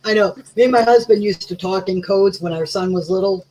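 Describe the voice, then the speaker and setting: A woman's voice: mid-range voice, a little fast, mellow, poor audio. Woman, guest, casual chat, rambling storyteller, mid-range voice. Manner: rambling storyteller, many "you know"s.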